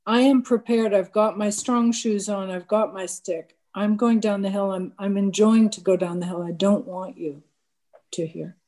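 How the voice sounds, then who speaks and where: Woman, mid-pitch, storytelling to a crowd, self-deprecating, acts out the lines, trips over restarts. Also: normal speed. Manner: candid, self-mocking storytelling with lively quoted dialogue; frequent stammered restarts. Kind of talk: personal anecdote told to a gathered audience.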